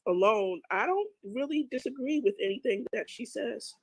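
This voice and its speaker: A woman guest in a casual chat whose voice is rough from a cold, agreeable and quick to laugh. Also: a little high, animated, no room sound, poor audio. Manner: agreeable, laughs easily, talks in restarts.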